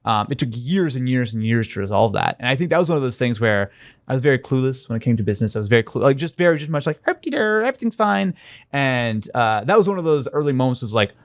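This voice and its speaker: A man's voice: medium pitch, animated, fast talker, dry recording, studio quality. Rambling young man from Missouri. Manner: rambling, self-deprecating, many fillers and restarts. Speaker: interview guest, YouTuber. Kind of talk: casual interview chat.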